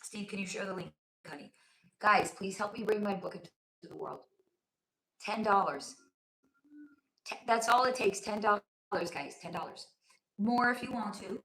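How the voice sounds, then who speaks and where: Hoarse woman hosting a chatty livestream. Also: medium pitch, normal speed, a bit bright. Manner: chatty, calls viewers honey and sweetie, swears freely. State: hoarse, losing her voice. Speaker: livestream host. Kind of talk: casual livestream chat reading viewer comments. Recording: roomy echo.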